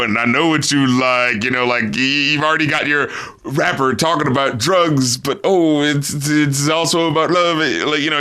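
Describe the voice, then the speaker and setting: Bright, animated man reviewing albums. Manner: animated, laughing, mocking rappers in low mumbly impressions. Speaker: podcast co-host. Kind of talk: casual album review chat.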